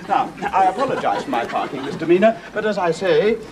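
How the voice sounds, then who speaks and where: A man's voice: high voice, big pitch swings, a little fast, over a noisy crowd. An English actor playing a fussy, chatty male writer in a 1970s sitcom, in a noisy old TV broadcast. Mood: polite, amused. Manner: fussy and self-amused. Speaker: sitcom lead.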